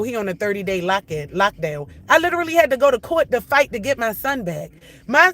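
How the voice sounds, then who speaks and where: Heated profane woman venting on a livestream. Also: high voice. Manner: heated, profane, repetitive ranting. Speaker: livestreamer talking to her chat. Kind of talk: casual live-stream venting.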